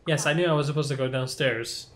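A man's voice: mid-range voice, fast talker, fairly bright tone. Jumpy, swearing young man gaming. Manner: jumpy, swears often, yelps when startled. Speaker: gameplay streamer. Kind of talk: first-time playthrough commentary.

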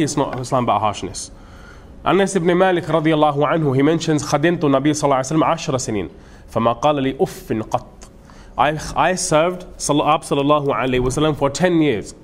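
A man giving an earnest, emphatic sermon-style lecture as a madrasa teacher, mixing in Urdu and Arabic phrases. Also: a little high. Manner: earnest, emphatic, switches between English and Urdu with Arabic quotations.

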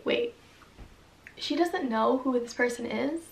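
A woman's voice: high-pitched, slow pace, creaky, far from the mic. A young woman giving sarcastic, chatty commentary while playing a story game and reading its lines aloud. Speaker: gaming vlogger. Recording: echoey room, voice off-mic, music behind.

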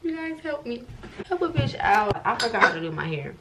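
A woman's voice: a little high, big pitch swings, fairly quick, very noisy. A young woman, vlogging casually and profanely to viewers while getting ready at home, self-mocking and frank. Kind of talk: get-ready-with-me vlog.

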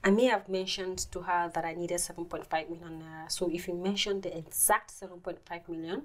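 An actress playing a spoiled young woman who calmly pushes a ransom scheme in a film drama. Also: lowish voice, a little fast, lightly acted. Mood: scheming. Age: young adult. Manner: calm, persistent, coaxing. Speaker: runaway daughter.

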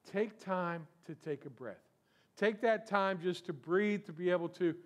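In a church sanctuary, a pastor with a notably high voice preaches loosely and conversationally, repeatedly posing questions to the congregation.

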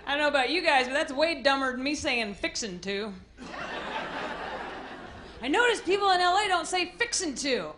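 High-voiced Texan woman doing stand-up. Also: animated, moderate pace, long pauses. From Amarillo, Texas. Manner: drawling, self-deprecating storytelling with frequent laughs. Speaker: stand-up comedian. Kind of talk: stand-up comedy set. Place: comedy club stage. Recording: live club recording with audience noise.

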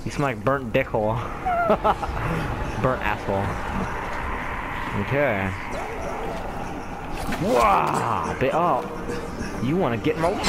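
Young male gamer, loud and profane, slow drawl, noisy mic. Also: medium pitch, wildly swooping pitch. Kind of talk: gameplay commentary.

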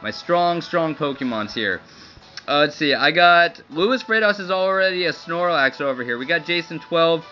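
A man's voice: fairly high pitch, animated, moderate pace, sharp tone. A young man livestreaming, crying and laughing as he thanks viewers for their support. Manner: overjoyed, laughing and tearful, breathless thanks. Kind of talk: excited livestream commentary. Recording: dull lo-fi stream audio with faint music.

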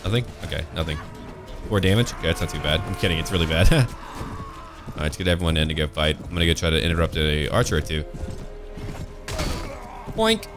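Deep-voiced man with playful game commentary. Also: steady tone, rapid-fire, over music. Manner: playful, jumps to high silly exclamations and laughs; mock-pompous old-fashioned phrasing. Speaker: gameplay commentator. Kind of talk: let's-play commentary.

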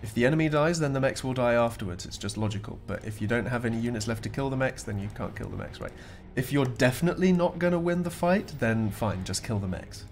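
A man's voice: mid-range voice, lively intonation, quick pace, hardly any pauses, darkish tone, slight background noise. A man commentating a strategy game replay, chatty and joking with playful asides.

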